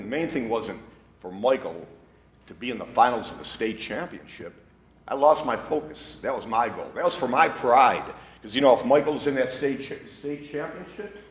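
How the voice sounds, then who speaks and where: A man in his sixties, a wrestling coach and educator, giving an animated storytelling speech to a school faculty and laughing at his own anecdotes. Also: mid-range voice. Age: 60s. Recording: echoey room, faint background noise.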